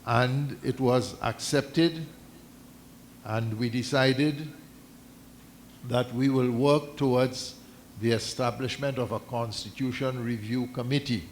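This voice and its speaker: Slow, deliberate man addressing a meeting. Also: medium pitch, fairly even intonation, slight background noise. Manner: measured, deliberate, halting with restarts, reads out documents. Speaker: mosque community representative addressing a meeting. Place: islamic centre meeting hall.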